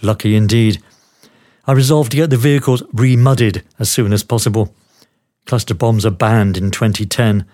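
A man's voice: mid-range voice, a little mellow. An older man narrating his own travel memoir as a podcast host, with a wry, dry humor. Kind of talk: memoir storytelling.

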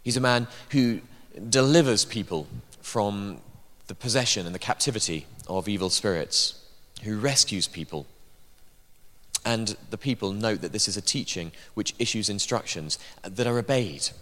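A man's voice: on the low side, normal speed, fairly bright tone. A man preaching a sermon in a church, emphatic, with dry asides. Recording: long hall reverb.

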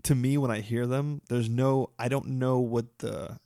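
A man's voice: medium pitch, steady tone, unhurried, warm tone, no room sound. Podcast host guy, laid-back and joking, dry close sound. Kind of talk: casual interview chat.

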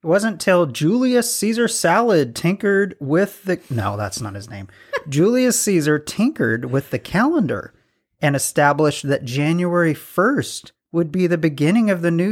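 A man co-hosting a podcast in casual chat, reading out trivia with self-deprecating jokes. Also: a little high. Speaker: podcast co-host.

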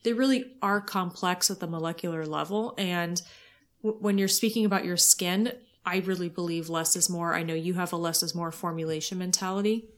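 A woman's voice: fairly low pitch, a little fast. A woman co-hosting a beauty science podcast, speaking earnestly and giving recommendations. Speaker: podcast co-host. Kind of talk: casual science podcast chat.

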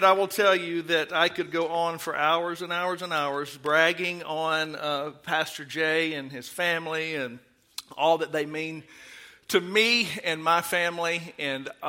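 A middle-aged man preaches in a church sanctuary, folksy and full of jokes. His voice sits high for a man and rings sharply bright. He swings easily into loud, fired-up preaching. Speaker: guest preacher. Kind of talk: sermon.

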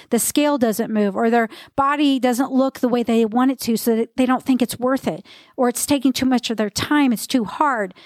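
A woman's voice: sits high, darkish tone, dry recording, clean studio sound. A woman hosting a faith-based fitness podcast, speaking in an earnest, encouraging way and reading scripture aloud between motivational points. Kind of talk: motivational devotional podcast talk.

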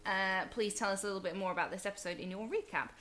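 Give me a chatty woman with a Southern English accent co-hosting a podcast, mid-pitched. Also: fairly even intonation, fast talker, a bit bright. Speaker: podcast co-host. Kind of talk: casual chat.

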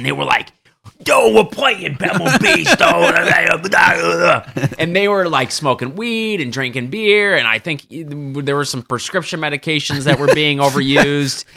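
A man's voice: medium pitch, bright, forceful tone, no room sound, studio quality. A man telling caddie stories on a podcast in a rambling, laughing way, full of fillers. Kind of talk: casual storytelling chat.

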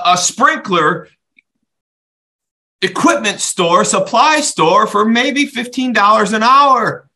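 An animated male storyteller with a high, bright voice, hosting a podcast. He tells a story at a quick clip and plays out both sides of the conversation. His tone is forceful and ringing. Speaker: podcast host and author. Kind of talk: storytelling to a co-host.

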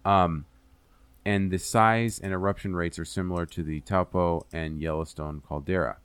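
Very deep-voiced rambling podcast host man. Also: steady tone, moderate pace, a bit bright, smooth, no room sound. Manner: rambling and self-deprecating, swears, many fillers. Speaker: podcast host presenting the topic. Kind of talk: casual podcast chat.

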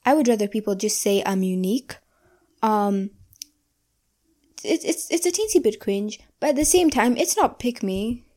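A young woman talks through a solo podcast episode in an earnest, reflective voice. Her tone is mellow and a touch high, and she slows down to lean on the phrases that matter to her. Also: lively intonation. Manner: earnest and reflective, slowing down to stress key phrases. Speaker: podcast host. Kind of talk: casual solo podcast monologue.

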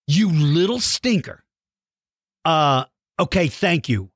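A male podcast host who reads children's shout-outs with a lively, bouncing pitch. His voice is fairly high for a man, and he cheers the kids' drawings on in a playful, encouraging way. The sound is dry and close, with no room echo. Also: measured pace. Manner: warm, playful praise for kids' artwork. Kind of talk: reading listener shout-outs.

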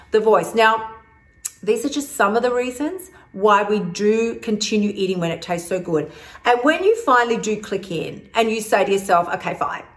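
A woman talks straight to her listeners in a casual podcast monologue, energetic and cheeky. She is blunt and swears freely, in a middle-pitched voice that jumps up high when she gets worked up. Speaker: host, weight-loss coach.

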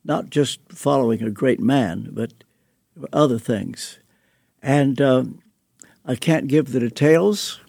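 Slow, gravelly older man reflecting. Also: mid-range voice, dry recording, studio quality. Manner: slow, deliberate, with soft chuckles. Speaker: guest author and pastor. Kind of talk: reflective interview storytelling.

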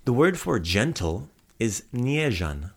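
A man's voice: mid-range voice, big pitch swings, takes it slowly, gravelly, breathy edge. A man hosting a casual podcast, patiently teaching Croatian words and repeating them for a listener to echo. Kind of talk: casual language lesson.

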